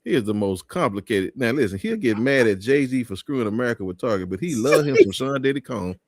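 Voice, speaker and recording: A man's voice: medium pitch, lively intonation, no room sound. A man co-hosting a casual comedic talk show, teasing and joking with his co-hosts. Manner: joking, laughing, teasing with drawn-out asides. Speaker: co-host.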